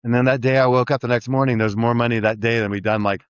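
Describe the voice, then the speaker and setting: A middle-aged man, a guest on an interview show, telling his story in an energetic, rambling way with lots of restarts. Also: mid-range voice, quick pace, clear, resonant tone, no echo. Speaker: guest entrepreneur. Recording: dry, slightly dull sound.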